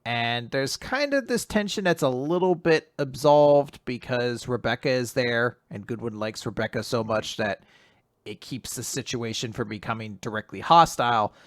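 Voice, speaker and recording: A man's voice: medium pitch, normal speed, dry recording, studio quality. A man co-hosting a casual podcast, animatedly retelling comic chapters and acting out the characters' lines with frequent laughs. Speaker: podcast co-host recapping manga. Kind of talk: casual chat.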